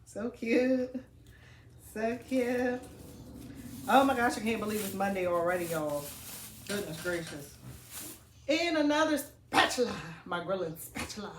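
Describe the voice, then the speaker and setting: Excitable woman in an echoey room. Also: mid-range voice, unhurried, pauses often, a little hiss or hum. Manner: chatty, excitable, talks to viewers as y'all. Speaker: family vlogger. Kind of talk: casual unboxing vlog. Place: home, indoors.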